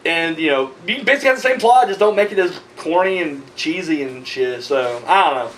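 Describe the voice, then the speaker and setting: A man talks in a casual video rant, swearing freely and rambling from point to point. His voice sits high and swings widely in pitch. He sounds tired and worked up. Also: fairly quick, slight background noise, poor audio. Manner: profane, rambling, animated ranting. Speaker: horror movie vlogger.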